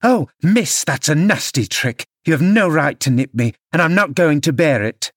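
A man's voice: medium pitch, normal speed, dry recording, clean studio sound, lightly acted. A man reading an audiobook, voicing an outspoken woman servant who scolds indignantly.

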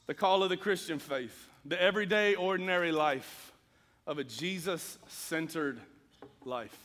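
Man, high bright voice, earnest sermon, echoing church hall. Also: measured pace. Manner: earnest preaching, rising to emphatic scripture reading. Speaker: pastor.

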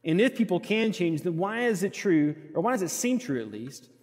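A male pastor preaching an earnest sermon in a church sanctuary, moving between quiet reflection and emphatic stress. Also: high-pitched, big pitch swings, normal speed. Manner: earnest, swinging from soft to emphatic. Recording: long hall reverb.

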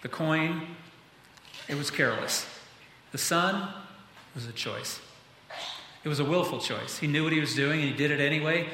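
A man's voice: a little high, moderate pace, pauses often, bright, forceful tone, a little hiss or hum. A man preaching a sermon to his church in an earnest manner, building to emphatic peaks. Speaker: pastor. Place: church sanctuary. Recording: echoey hall.

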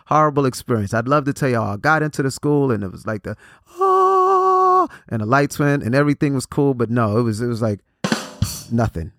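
A man's voice: on the low side, no echo, studio quality. A man in his forties giving a motivational talk, preachy in tone, repeating phrases and restarting his sentences. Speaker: motivational speaker.

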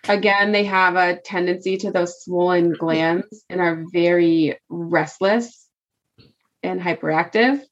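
A woman's voice: fairly low pitch, takes it slowly. A woman co-hosting a podcast in casual chat, talking freely, thinking aloud and laughing easily. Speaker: podcast co-host. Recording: slightly dull lo-fi sound.

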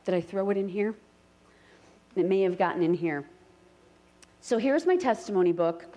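A middle-aged woman giving a sermon to a live congregation, conversational and animated, rising into fervent prayer. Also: medium pitch, normal speed. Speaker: speaker at a church gathering.

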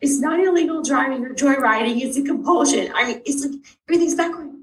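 A middle-aged woman telling a personal story about her child's illness, acting out each exchange with big jumps in pitch. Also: fast, slight background noise. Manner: animated, acts out dialogue with big pitch jumps. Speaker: parent of a sick child. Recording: roomy sound from a distant mic.

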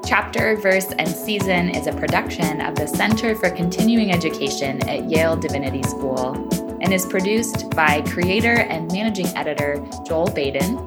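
Female podcast host, lower voice, smooth scripted read, loud theme music underneath. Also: normal speed. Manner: smooth, read-aloud delivery. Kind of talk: scripted outro.

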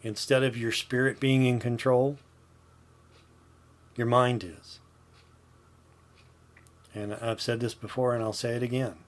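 Earnest preaching man, mid-pitched voice. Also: flat delivery, unhurried, long pauses. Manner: earnest, repetitive, emphatic preaching with rhetorical "Okay?". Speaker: podcast host, Christian teacher. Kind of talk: preaching podcast talk.

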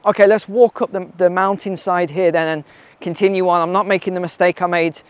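Male vlogger, somewhat high pitch, relaxed talk on a hike, filler-heavy and questioning. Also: a little fast, clear, resonant tone, no room sound. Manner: conversational, rhetorical questions, frequent fillers. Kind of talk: casual commentary while walking outdoors. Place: outdoors on a mountain trail.

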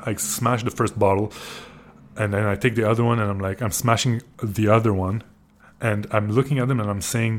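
Guy with a lowish voice ranting through a travel story, cursing lots, tripping over his words. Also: normal speed, a little hiss or hum. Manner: profane, excitable, frequent restarts. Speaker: podcast host. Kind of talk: casual storytelling.

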